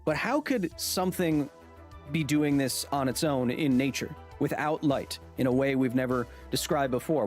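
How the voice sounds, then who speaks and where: A man's voice: mid-range voice, a little mellow, faint music behind. A man hosting a science livestream, chatting casually and joking with his viewers. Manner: jokey, talks to chat, quick asides.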